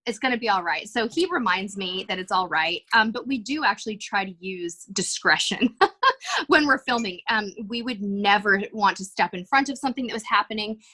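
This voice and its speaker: A woman's voice: mid-range voice, lively intonation, normal speed, pushed and bright. A middle-aged woman, a cruise vlogger, talking earnestly and reflectively as a guest in a podcast interview. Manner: earnest, reflective, self-aware.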